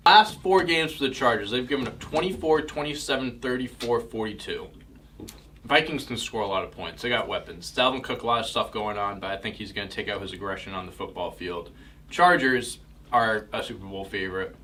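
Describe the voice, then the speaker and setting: A man's voice: lowish voice, brisk, bright, forceful tone, slight background noise. A young man co-hosting a casual sports betting podcast, rambling and self-mocking while he eats. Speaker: podcast co-host.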